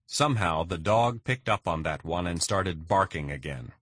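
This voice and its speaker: Deep, husky male audiobook narrator. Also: animated, normal speed, hardly any pauses, fairly bright tone, no room sound, clean studio sound. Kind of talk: first-person audiobook narration.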